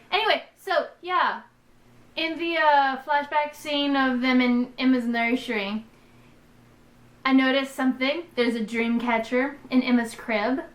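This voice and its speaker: A young woman in her twenties chatting in a rambling, excitable, self-deprecating way as she reviews a TV episode on a vlog. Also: on the high side, a little slow, echoey room. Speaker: vlogger. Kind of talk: casual TV episode review chat.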